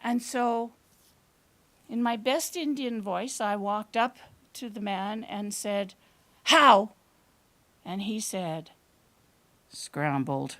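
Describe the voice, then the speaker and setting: A woman telling a tale live before an audience in a small performance space, with dry, deadpan humor and drawn-out pauses. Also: medium pitch. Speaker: storyteller.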